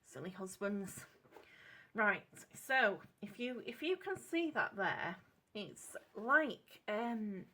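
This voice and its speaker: A woman with a British accent chatting at her home craft desk while she tests paints. She rambles, corrects herself and drops into soft asides. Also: mid-range voice, sing-song, slow pace. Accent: British English. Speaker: craft channel host testing paints. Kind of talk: casual craft demonstration chat. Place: home craft desk lit by a clip-on lamp.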